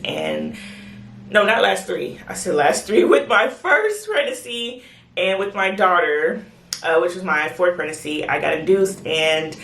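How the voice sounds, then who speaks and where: A woman telling her birth story in a casual, excited, chatty way, acting out the voices of the people in it. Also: fairly low pitch. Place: home bathroom. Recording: echoey bathroom.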